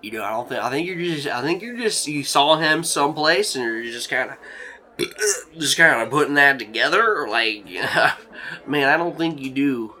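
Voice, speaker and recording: A man's voice: on the high side, animated, moderate pace, bright, forceful tone, voice pushed up. A man voicing a laid-back young male friend who talks in hesitant, casual dude speech, with music behind. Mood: doubtful.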